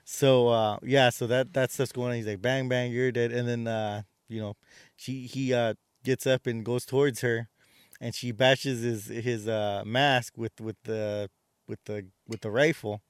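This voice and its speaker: Male podcast co-host, rambling casual recap, smooth resonant tone, dry close sound. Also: mid-range voice, fairly even intonation, a little slow, no echo. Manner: rambling retelling with many fillers and restarts. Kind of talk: casual movie recap chat.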